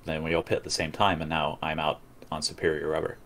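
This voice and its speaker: A man co-hosting a live racing podcast, talking through strategy in a dry, measured way. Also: extremely low pitch, flat delivery, vocal fry, a bit bright, a little hiss or hum. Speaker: podcast co-host. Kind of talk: casual live commentary chat.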